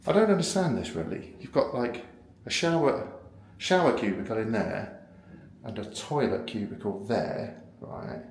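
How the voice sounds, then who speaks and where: A man's voice: medium pitch, darkish tone, reverberant. A British man giving a casual, rambling, self-mocking vlog tour of a hotel room, filmed on a handheld camera. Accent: British English. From United Kingdom. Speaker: vlogger.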